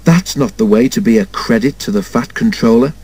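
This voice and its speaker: A man's voice: mid-range voice, fairly quick, darkish tone, slightly rough, dry recording, lightly acted. A man voicing a small, eager young tank engine who frets earnestly about doing well, in a storybook reading. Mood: dismayed. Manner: fretful, earnest. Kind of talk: storybook character voice.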